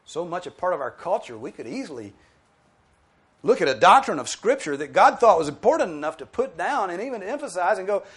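Guy preaching a bible sermon, voice swings up and down a lot, fairly high, acts out what people say. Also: brisk, husky. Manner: animated, emphatic, mimics objectors in quoted asides. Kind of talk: expository sermon.

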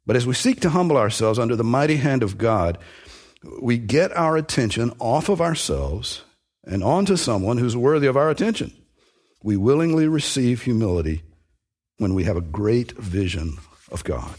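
A man's voice: mid-range voice, expressive, normal speed, a little mellow, slightly rough. A man preaching a sermon, earnest and emphatic, building on repeated phrases.

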